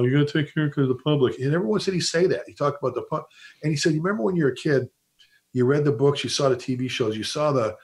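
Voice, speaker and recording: A middle-aged man talks fast in a loose, casual chat. He tells firehouse stories with a lot of energy and keeps restarting his sentences as the thoughts pile up. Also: medium pitch. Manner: rapid, animated storyteller who restarts sentences and quotes old bosses. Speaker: podcast host and fire service instructor.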